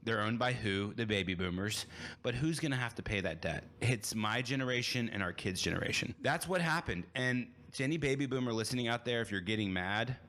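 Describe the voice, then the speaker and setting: A man's voice: lowish voice, brisk, fairly bright tone. A man in his thirties, a podcast host giving a blunt, emphatic opinion monologue.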